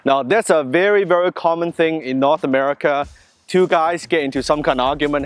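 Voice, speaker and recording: A man with a slightly raised voice leads a self-defence lesson. He talks through each technique and gives his training partner short, direct instructions as he demonstrates. Soft music plays faintly behind him. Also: on the high side, brisk, dry recording. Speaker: martial arts instructor.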